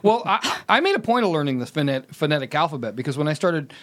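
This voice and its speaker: A man's voice: a little high, sing-song, fast talker, a bit bright. A man hosting a casual chat, rambling and stumbling over his words, laughing a lot. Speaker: host.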